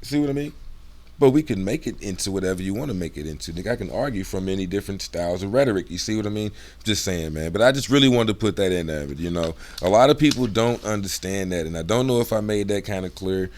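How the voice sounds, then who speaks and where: A middle-aged man with a lowish voice talks loosely to camera in street slang. He drifts between an easy drawl and a deeper, heavier tone when he gets serious, sometimes acting out how other people talk. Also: expressive, fast. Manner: laid-back slangy, acts out voices, drops low for serious. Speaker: video host.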